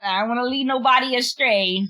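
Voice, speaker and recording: A woman's voice: a little high, brisk, pushed and bright. A woman streamer, chatting casually and laughing at herself while trying out French words. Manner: giggly, self-deprecating, drawls out French words. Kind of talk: casual chat while unboxing.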